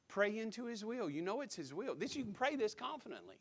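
Emphatic male preacher, higher pitch. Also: big pitch swings, measured pace, pauses often, fairly bright tone, slightly rough. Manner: emphatic, repeats key words, asks the congregation direct questions. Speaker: pastor. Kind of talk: sermon. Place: church sanctuary.

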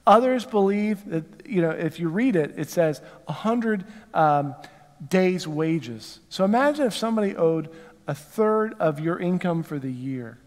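Southern male pastor, high voice, conversational sermon, long church reverb. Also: expressive, unhurried. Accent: Southern American. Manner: conversational, asks the congregation rhetorical questions. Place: church sanctuary.

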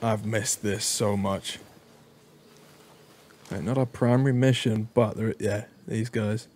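A man giving excitable gameplay commentary, joking and exclaiming as he plays. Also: lowish voice, slow pace, a little hiss or hum. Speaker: gaming YouTuber.

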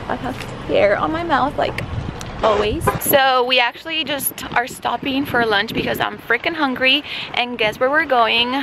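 A woman's voice: sits high, moderate pace, vocal fry, noisy background. A young woman chatting casually to the camera in a family vlog, bubbly and talkative, often cooing in baby talk to her little daughter. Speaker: vlogger mother. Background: loud background music.

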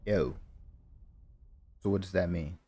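A man commentating live on his own gameplay, excitable, repeating phrases and swearing at the enemies on screen. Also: low voice, slow pace, noisy background. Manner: excitable, repeats himself, swears and laughs at the game. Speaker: gamer.

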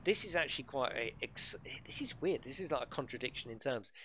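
Bright, lively man streaming a racing game. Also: mid-range voice, a little fast, a little hiss or hum. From United Kingdom. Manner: joking, banter with chat, swears. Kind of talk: live game streaming chat.

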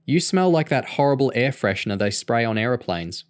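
A man's voice: medium pitch, expressive, brisk, clear, resonant tone, no room sound, studio quality, lightly acted. A man voicing a sporty, teasing teenage girl while reading a novel aloud. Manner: teasing, a touch sharp.

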